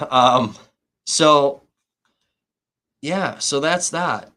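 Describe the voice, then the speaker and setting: A man's voice: on the high side, animated, drawn-out words, bright, forceful tone. A man hosting a livestream as an independent reporter, retelling a dispute in casual, heavily profane talk and laughing between points.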